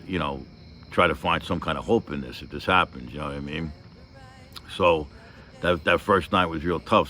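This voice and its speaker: A man's voice: a bass voice, bright, forceful tone. A man telling a personal story in a casual, rambling, emotional way, swearing heavily and leaning on fillers.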